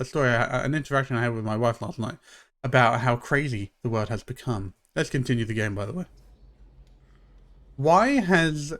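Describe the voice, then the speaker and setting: A man telling a rambling story during a live game stream, full of fillers, restarts and excitable asides. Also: medium pitch. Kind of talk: casual live-stream chat.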